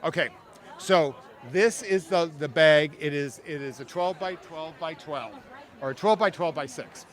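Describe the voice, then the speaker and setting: A man talking about merchandise in an outdoor interview at a theme park. He speaks in an excitable, scattered way, repeating himself. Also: a little high, normal speed, some chatter behind. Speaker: merchandise staff. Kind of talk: casual interview. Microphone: handheld interview mic held close.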